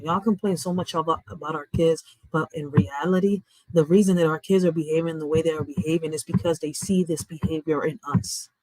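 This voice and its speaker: A woman's voice: fairly low pitch, dry recording, poor audio. A woman, hosting a livestream from home in an impassioned, preachy rant, swearing freely. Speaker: livestream host.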